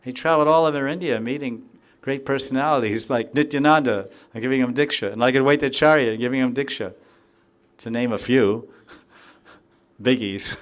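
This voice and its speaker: A man giving a devotional lecture, reciting verses and explaining them phrase by phrase with pauses and repetition, lifting his voice when he quotes heartfelt pleas. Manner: rises in pitch and volume when quoting heartfelt pleas; frequent pauses with fillers. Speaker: spiritual teacher.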